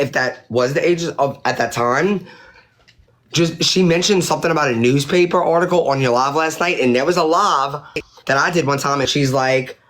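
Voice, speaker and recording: A woman on a livestream, addressing her viewers in a heated, rambling rant full of swearing and restarts. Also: deep voice. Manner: indignant, profane, rambling with restarts.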